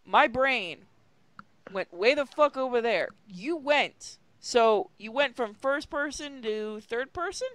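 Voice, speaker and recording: A woman's voice: fairly high pitch, animated, takes it slowly, a bit bright, no echo. A woman hosting a stream, reading a badly written story aloud with friends, swearing and laughing as she goes. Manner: giggly, swears a lot, breaks off to joke. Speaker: host reading a fan fiction aloud. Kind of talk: comedic dramatic reading on a live stream.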